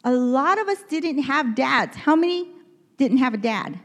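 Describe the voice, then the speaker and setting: A woman's voice: sits high, lively intonation, unhurried. Earnest woman preaching in an echoing church. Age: 50s. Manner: earnest, conversational, asks the audience questions. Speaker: pastor. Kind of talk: sermon.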